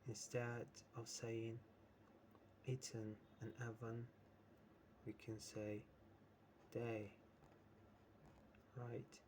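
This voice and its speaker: A man's voice: medium pitch, completely flat delivery, extremely slow, long pauses, darkish tone, slight background noise. A man teaching an English lesson who explains with many examples and keeps checking in with "right?". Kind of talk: slow, patient English lesson.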